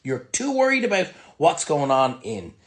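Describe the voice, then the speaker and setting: Heated Irish man with a lively voice. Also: a little high, normal speed. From Ireland. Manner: angry, blunt and sweary. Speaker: restaurant business owner. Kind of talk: ranting vlog monologue to camera.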